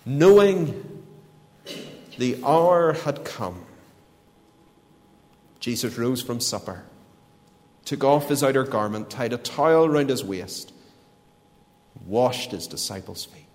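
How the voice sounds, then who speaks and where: Slow, deliberate preacher man in a hall. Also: medium pitch, animated, darkish tone. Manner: slow, deliberate expository preaching with emphatic repetition. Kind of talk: sermon. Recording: long reverb of a large hall.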